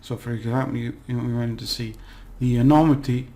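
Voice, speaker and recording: A man giving a relaxed, chatty language lesson, slowly repeating words for practice and laughing at his own slips. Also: medium pitch. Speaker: language teacher. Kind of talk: casual spoken language lesson.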